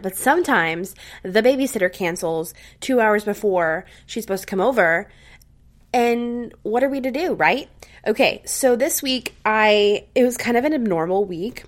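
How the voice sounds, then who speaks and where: A woman's voice: mid-range voice, normal speed. A woman hosting a podcast, giving casual, upbeat advice to her listeners and often checking in with tag questions. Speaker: podcast host.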